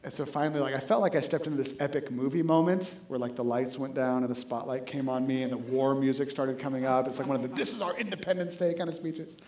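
A pastor in his thirties preaches a sermon, telling an animated story, joking with the congregation, and acting out the dialogue. He talks at a quick pace with hardly any pauses in a medium-pitched voice, and the room sounds roomy.

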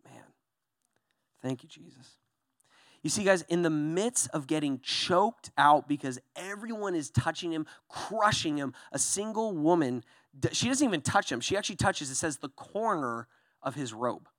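Animated young pastor preaching conversationally. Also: male voice, a little high, moderate pace, dry recording, clean studio sound. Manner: animated storyteller, acts out voices in Bible passages; conversational, frequent "okay?" and "right?". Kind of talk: sermon.

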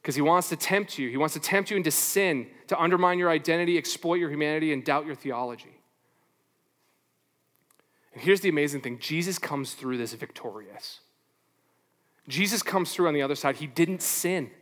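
A man preaching a sermon as pastor, animated, asking rhetorical questions and playing out little back-and-forth exchanges. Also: on the high side, moderate pace, big-room sound.

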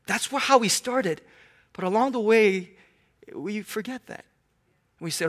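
A man preaching a sermon, swinging between hushed tones and loud, animated exclamations. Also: very high voice, moderate pace.

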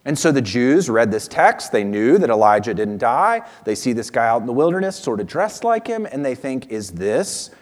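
A man's voice: mid-range voice, big pitch swings, normal speed, hardly any pauses. A male pastor preaching a sermon in a conversational way, often checking in with the congregation through rhetorical questions. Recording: long reverb of a large hall.

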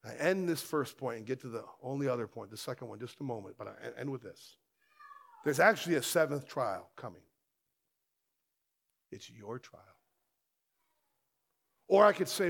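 A male pastor preaching a sermon, emphatic, with rhetorical questions and loud stressed lines. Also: mid-range voice, animated, moderate pace, vocal fry, pauses often.

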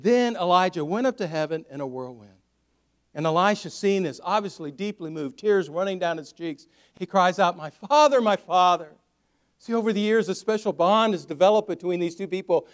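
A male pastor preaching a sermon in a storytelling way, swinging from loud to hushed. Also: high-pitched.

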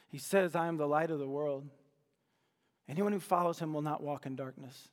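A man's voice: a little high, in a large hall. A male pastor delivering a sermon, emphatic and fond of repeating his key phrases.

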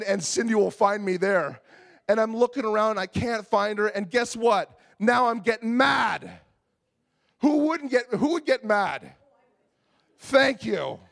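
Man, high-pitched, preaching, animated anecdote. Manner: animated storytelling, acts out his own exasperation. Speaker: pastor. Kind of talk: sermon with a humorous personal story.

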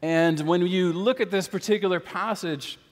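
A man's voice: sits high, moderate pace, big-room sound. A male pastor giving a conversational sermon, with frequent fillers and rhetorical questions to the congregation.

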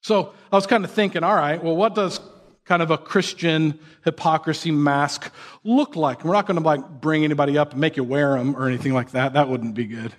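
A young man with a fairly high voice preaches a sermon in an easygoing, conversational way. He asks his listeners rhetorical questions and slips into quick mock voices of the people he describes. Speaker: pastor.

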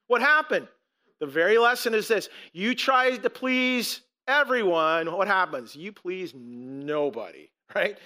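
A man's voice: high voice, pushed and bright. A man preaching a sermon as a pastor, emphatic, asking rhetorical questions and repeating words as he restarts.

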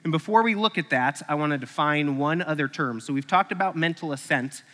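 This sermon comes from a man with a fairly high voice who talks a little fast, bringing a story to life before turning to his teaching. His animated delivery rings out in an echoey hall.

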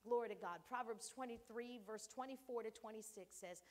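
A woman's voice: on the high side, fairly quick, few pauses. A woman in her fifties preaching a sermon, telling family stories with laughs and call-outs to the congregation.

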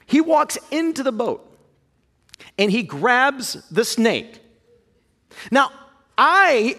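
A high, lively male pastor tells a story from the pulpit with a bright, ringing tone. His voice leaps and dips as he mocks himself, and the church hall gives it a long reverb tail. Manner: animated, self-mocking, jumps to high yelps when acting out fear. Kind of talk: storytelling sermon. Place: church auditorium.

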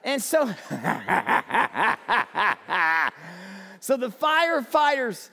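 A man preaching a sermon as pastor, telling stories with animated energy and rising to shouts. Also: very high-pitched, moderate pace, big-room sound.

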